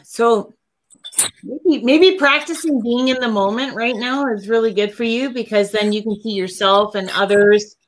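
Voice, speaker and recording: A woman's voice: a little high, normal speed, a little hiss or hum, rough recording. A woman co-hosting a casual livestream, giving a tarot reading as earnest, rambling advice full of restarts. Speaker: co-host reading tarot cards.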